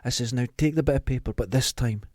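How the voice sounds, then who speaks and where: Talking quickly in a mid-range voice, a middle-aged Scotsman hosts a podcast, and the audio is dry with studio quality. His casual storytelling is lively, and he acts out the lines people said.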